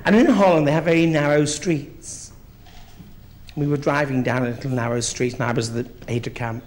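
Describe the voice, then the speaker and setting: A man's voice: medium pitch, steady tone, moderate pace, a little mellow, a little hiss or hum, natural voice. A man, performing live on a theatre stage as a grand but foul-mouthed elderly queen mother. He tells his stories in a mock-genteel way and lands them with crude punchlines. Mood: bawdy. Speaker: drag comedian. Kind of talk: live stand-up drag act.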